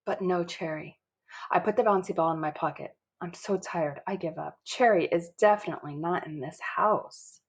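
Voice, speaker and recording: A woman narrating a first-person children's story in a lively, childlike storytelling manner. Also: lowish voice, moderate pace, breathy edge. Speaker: audiobook narrator.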